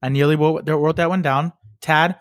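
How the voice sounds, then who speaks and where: Excitable young man podcaster, filler-heavy. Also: on the high side, moderate pace, dry recording, clean studio sound. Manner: loose, excitable, lots of "like" fillers. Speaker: podcast co-host. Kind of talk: casual chat.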